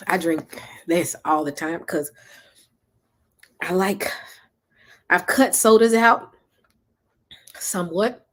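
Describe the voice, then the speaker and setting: A woman's voice: fairly low pitch, takes it slowly, long pauses. A woman from Memphis with a Southern accent, chatting and rambling casually on a livestream while reading comments. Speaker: livestream host.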